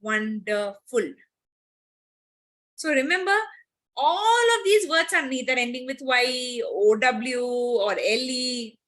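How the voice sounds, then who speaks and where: A woman teacher explains grammar to a class of children. Her voice is bright and a little high. She repeats key words and slows down to drive each example home. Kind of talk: online class lesson.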